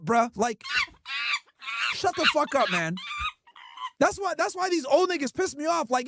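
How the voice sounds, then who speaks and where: High-voiced man ranting on stream. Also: expressive, fairly quick, fairly bright tone, dry recording. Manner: profane, blunt, emphatic ranting. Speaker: livestream host. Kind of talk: casual streaming rant reacting to clips.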